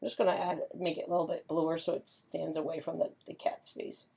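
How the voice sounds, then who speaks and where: This woman speaks a little fast in a low, dark, husky voice with vocal fry and little pitch movement. A pet portrait artist and painting instructor, she chats upbeat through a casual watercolor demo, leaning on fillers and humming doo-doo sounds as she paints.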